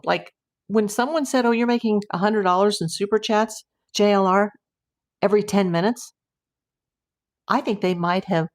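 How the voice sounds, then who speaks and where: A middle-aged woman hosting a casual livestream, chatting and reading viewer comments aloud in a rambling way. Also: low-pitched. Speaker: livestream host.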